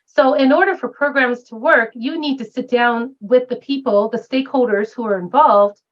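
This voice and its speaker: A woman's voice: fairly high pitch, normal speed, muffled recording. A retired woman professor speaking as a guest in a round-table discussion, emphatic and posing rhetorical questions.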